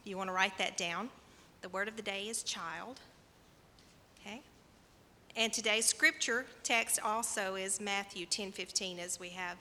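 Woman preacher, chatty sermon, bright clear voice, long hall reverb. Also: medium pitch, slight background noise. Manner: conversational, asks the congregation questions. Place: church sanctuary.

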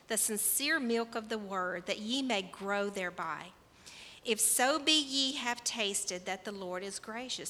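A woman delivers a sermon in a church sanctuary. She talks in a conversational way and puts questions to the congregation. Her voice is bright and ringing, and a long reverb trails behind it in the hall. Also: on the high side. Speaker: preacher.

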